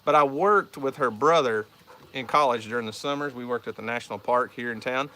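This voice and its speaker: A bright, forceful, medium-pitched voice, a little fast and over slight background noise, belongs to a homestead channel host from South Central Oklahoma. Chatting casually, he tells a rambling story and repeats words while answering viewer questions.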